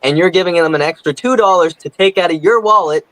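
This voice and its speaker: A man rants with plenty of swearing on a comedy podcast. His voice sits a little higher than most men's, and his delivery is indignant and steady. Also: quick pace, low-quality recording. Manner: profane, indignant ranting. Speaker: podcast co-host. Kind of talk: casual comedy podcast rant.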